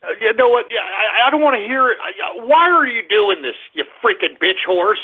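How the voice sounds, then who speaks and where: A man hosting a call-in radio show, ranting loudly with a lot of swearing. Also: extremely high pitch, animated, fairly quick, over music. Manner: loud, profane, shouting rants. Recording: tinny phone-like radio audio.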